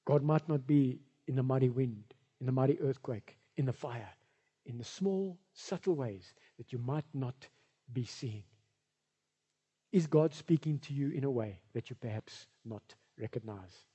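A man's voice: mid-range voice, a little slow, warm tone, breathy edge, big-room sound. A male pastor, preaching a sermon in a conversational, rambling way with side remarks. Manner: conversational, rambling, with asides and filler.

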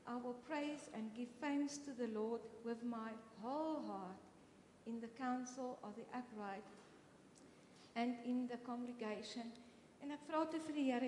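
High-voiced South African woman reading in a hall. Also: measured pace, darkish tone, slight background noise. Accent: South African English. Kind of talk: reading a devotional to a congregation. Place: church hall. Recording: roomy echo with long hall reverb.

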